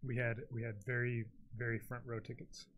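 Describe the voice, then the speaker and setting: A chatty young man commentating on a card game stream, easygoing and quick to laugh. He drifts between small talk and calling out the plays. His voice sits at an ordinary middle pitch. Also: completely flat delivery, fairly bright tone, a little hiss or hum.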